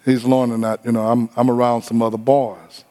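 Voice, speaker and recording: A man preaching a sermon in a lively, humorous way, acting out other people's voices now and then. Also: mid-range voice, a little fast. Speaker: pastor.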